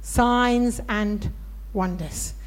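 A woman preaching a sermon, telling stories with animated voices for the people in them. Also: medium pitch, drawn-out words. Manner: storytelling, animated, acts out voices in anecdotes.

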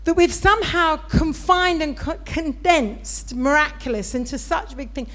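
A woman preaching a sermon, telling stories with animated voices for the people in them. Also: sits high, moderate pace. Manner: storytelling, animated, acts out voices in anecdotes.

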